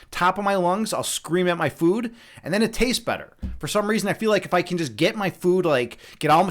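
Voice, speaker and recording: A young man hosting a casual livestream, chatting with viewers in a rambling, joking, absurdist way full of fillers and restarts. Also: high-pitched. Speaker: livestream host and meditation instructor.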